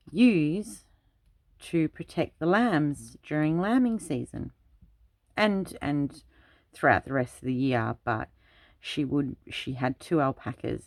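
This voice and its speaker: A woman's voice: a bass voice, a little mellow, no room sound. Chatty woman telling stories, dry sound. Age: adult parent. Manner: rambling anecdotal storytelling. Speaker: craft channel host. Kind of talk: casual chat while crafting.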